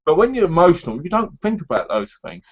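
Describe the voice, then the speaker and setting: A man's voice: a little high, huge pitch swings, quick pace, highs cut off. A man co-hosting a casual chat about games, rambling and tagging his sentences with "right?" and "you know". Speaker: co-host.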